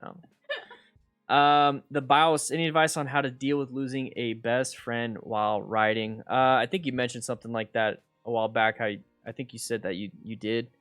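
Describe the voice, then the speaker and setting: A chatty middle-aged man talks straight into a headset mic from home, stumbling through restarts as he reads out viewer questions and answers them. His voice sits at an ordinary man's pitch, and soft music plays faintly underneath. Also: flat delivery, brisk, few pauses, smooth. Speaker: motorcycle coach and livestream host. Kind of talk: casual live Q&A chat. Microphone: headset mic with noise gate.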